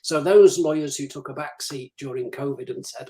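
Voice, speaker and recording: A man appears as a guest on a live-streamed interview, giving practical, advisory talk on business development and role-playing his clients' questions. His mid-range voice is mellow and fast, with hardly any pauses, and the recording is rough.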